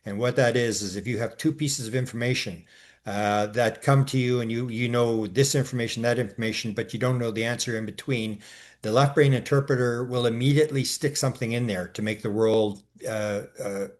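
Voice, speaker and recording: A man's voice: mid-range voice, brisk. Rambling man talking casually. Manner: rambling, with frequent restarts and filler sounds; animated when acting out his exchanges. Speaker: co-host. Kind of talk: casual conversational discussion.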